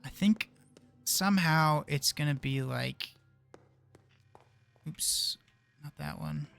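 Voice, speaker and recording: A man's voice: fairly high pitch, slow, vocal fry, fairly bright tone, faint music behind. A young man casually commenting while playing a puzzle game, thinking aloud and muttering to himself. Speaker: gaming video creator. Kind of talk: casual let's play commentary.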